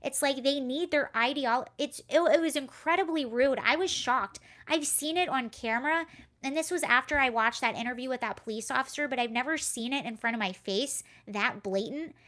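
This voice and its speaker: A woman with a high voice talks casually on her live stream. She rambles through a story, breaks off to answer comments, and speaks into a computer mic at home. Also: moderate pace, a bit bright. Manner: chatty, rambling, reads chat aloud. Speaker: livestream host.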